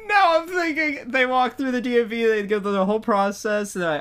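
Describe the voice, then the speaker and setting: A woman's voice: fairly high pitch, fairly quick, a bit bright. A woman co-hosting a comedy podcast, laughing often as she acts out silly scenarios in casual chat. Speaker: podcast co-host.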